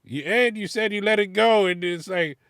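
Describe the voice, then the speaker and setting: Animated gravelly man reacting in a car. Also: sits high, normal speed, no room sound, studio quality. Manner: animated, laughing, swearing, critiques loudly. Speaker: music reaction vlogger. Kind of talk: casual reaction commentary.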